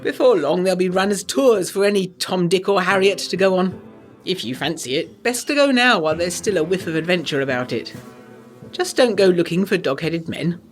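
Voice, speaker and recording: A woman voicing an older gentleman from the north of England who speaks in a breezy, worldly way. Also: sits high, lively intonation, fairly quick, faint music behind. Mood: jovial. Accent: Northern English. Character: gruff northern older gentleman, Sir Malcolm.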